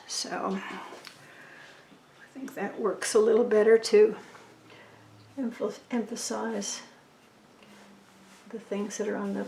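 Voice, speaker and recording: A woman's voice: medium pitch, creaky, a little mellow, roomy sound, a little hiss or hum, low-quality recording. A woman explaining her painting step by step as she works, thinking aloud and often dropping to a near whisper. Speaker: painting instructor. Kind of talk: casual tutorial narration while painting.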